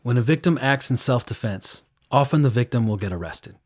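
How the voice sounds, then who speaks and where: A man's voice: medium pitch, lively intonation, a little fast. A man working as a victim advocate, recounting a case in an earnest, conversational interview manner. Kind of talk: recorded interview clip.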